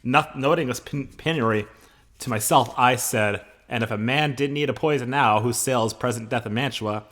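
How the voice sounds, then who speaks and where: A man's voice: medium pitch, moderate pace, a bit bright. A man teaching a play, reading the lines aloud with feeling and then explaining them in casual, joking asides.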